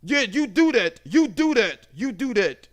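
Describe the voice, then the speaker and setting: A man voicing an irate male customer who shouts insults at a phone agent. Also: very animated, unhurried, exaggerated voice. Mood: indignant. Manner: shouting, high-pitched, accusing.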